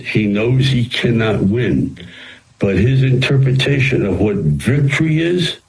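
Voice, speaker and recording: A man, an actor and screenwriter, telling rambling, animated anecdotes in a radio interview. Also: lowish voice, poor audio.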